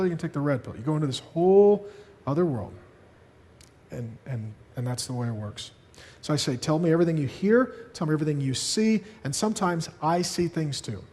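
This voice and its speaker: A man's voice: a little high, a little mellow, in a large hall. A man preaching a sermon, telling stories and acting out quoted dialogue. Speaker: pastor. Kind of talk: sermon to a congregation.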